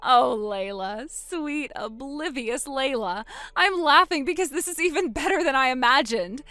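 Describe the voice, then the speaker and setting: A woman voicing a calm, vengeful young woman who coldly springs a trap on her sister in a text-story drama. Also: high voice, unhurried, dry recording, heavily acted. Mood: hurt. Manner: cool, quiet, coldly sarcastic.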